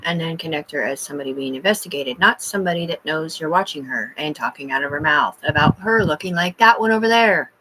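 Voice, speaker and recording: A woman's voice: low voice, expressive, fast talker, hardly any pauses, fairly bright tone. A woman talking to her livestream in a rambling, agitated, heavily profane rant.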